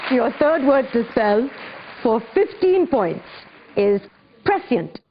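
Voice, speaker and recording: High-voiced woman hosting a spelling contest. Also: sing-song, a faint crowd, a little hiss or hum. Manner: clear, measured, encouraging. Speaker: quiz host. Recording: dull lo-fi broadcast audio with faint music.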